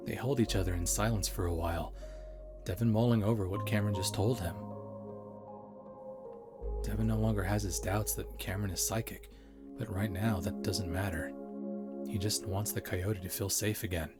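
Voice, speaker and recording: A man narrating a story as an amateur audiobook reader, in a steady, deliberate way. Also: lowish voice, loud music behind the voice.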